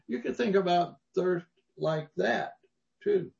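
A man's voice: high voice, slow, creaky, darkish tone, dull audio. A man preaching a sermon, telling folksy stories with emphatic rises. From Mississippi, US. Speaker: pastor.

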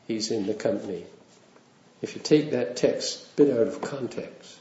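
A man's voice: fairly low pitch, moderate pace, a little mellow. A man preaching a sermon in a conversational way, with wry asides and small chuckles. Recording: roomy, dull lo-fi sound.

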